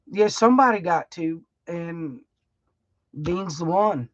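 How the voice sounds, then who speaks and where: A middle-aged woman talks slowly and warmly to viewers of her livestream, rambling and laughing in a folksy, emotional way. The sound is dry and close, a little dull and lo-fi. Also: fairly low pitch, expressive, dry recording. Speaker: livestream host. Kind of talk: casual heartfelt livestream chat.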